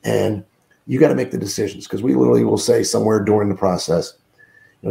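Speaking fast on a remote call from a room, a middle-aged sales trainer guesting on a podcast sounds groggy and sick, his low-ish voice creaky and dark with fairly even intonation. He coaches emphatically, with many fillers.

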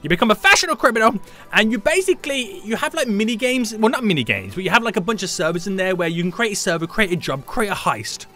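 A young man live-streaming a game, chatting with viewers in a hyped, jokey, animated way. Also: sits high, quick pace, faint music behind. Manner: hyped, jokey, animated, greets chat members.

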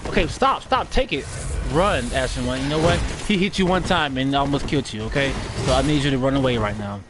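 A man's voice: medium pitch, very animated, fast talker, music in the background. A man doing live gameplay commentary, trash-talking and cursing at enemies while he plays. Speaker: gaming streamer.

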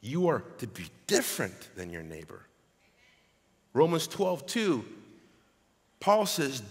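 A man preaching a sermon as pastor, reading scripture aloud in an animated way. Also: medium pitch, slow, pauses often. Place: church sanctuary. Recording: long hall reverb.

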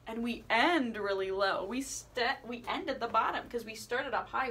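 A woman teaching children a playful singing lesson, asking questions and encouraging them as she swoops her voice high and low. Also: moderate pace, hardly any pauses, pushed and bright, a little hiss or hum. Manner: encouraging, asks the listener questions. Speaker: music teacher.

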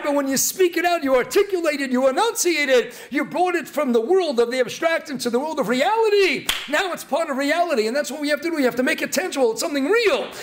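A man giving a Torah talk as a rabbi, emphatic and repetitive, with bursts of loud emphasis. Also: very high voice.

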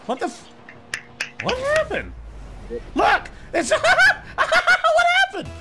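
A man hosting a gaming channel, chatting casually with friends while playing, excitable and prone to shouting and laughing. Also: extremely high pitch, takes it slowly, over loud music.

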